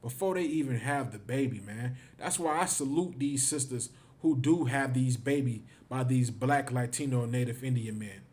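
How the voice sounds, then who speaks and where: A man's voice: mid-range voice, moderate pace, hardly any pauses, a little mellow. A man teaching a livestreamed scripture class, emphatic and repetitive, often tagging his phrases with "man". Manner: emphatic, repeats himself, ends phrases with "man".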